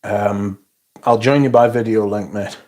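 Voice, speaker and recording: A man's voice: on the low side, fairly even intonation, a little slow, a little mellow. A man hosting a casual livestream, reading out viewer comments and answering them in a blunt, sweary, sardonic way. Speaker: livestream host.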